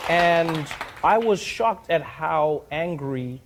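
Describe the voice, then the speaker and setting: A man's voice: fairly high pitch, slow pace, over a noisy crowd, heavy background noise. A man, a talk show host telling comic stories and acting out the voices of people in them. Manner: animated, acts out quoted voices. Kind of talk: comic storytelling.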